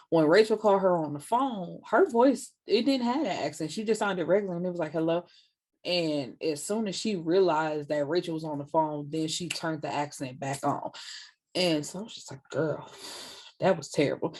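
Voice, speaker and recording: A young woman with a lowish voice gives a casual review of a show to her viewers. She is blunt and animated and swears freely as she talks. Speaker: book and TV reviewer.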